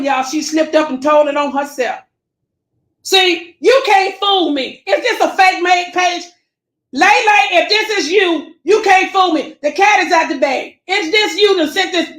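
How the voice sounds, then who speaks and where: A woman vlogger reading a viewer's letter aloud and reacting, animated and preachy, calling her viewers family. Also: very high voice, echoey room.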